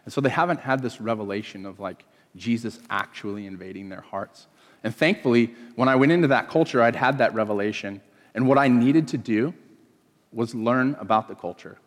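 A man delivers a sermon in a relaxed storytelling way, stepping into the voices of the people in his anecdotes. His voice sits at an ordinary middle pitch for a man. The sound carries the long reverb of a large church hall. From California. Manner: storytelling, acting out quoted voices. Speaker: pastor.

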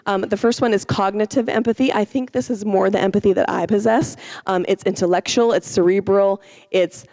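A woman's voice: mid-range voice, steady tone, a little fast, mellow, no room sound. A woman teaching an informal sermon, chatty and self-deprecating, with many fillers and restarts.

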